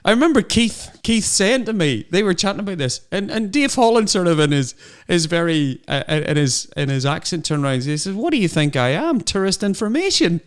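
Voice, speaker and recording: A middle-aged man co-hosting a podcast, telling animated anecdotes in casual chat. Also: on the high side, a little fast, hardly any pauses, smooth. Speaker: podcast co-host.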